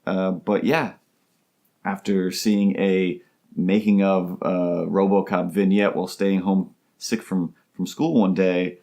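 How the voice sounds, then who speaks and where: A man's voice: low voice, level tone, takes it slowly, darkish tone. A man hosting a comedy podcast alone, talking in a rambling, goofy way that keeps interrupting itself. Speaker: host. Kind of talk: comedic solo podcast monologue.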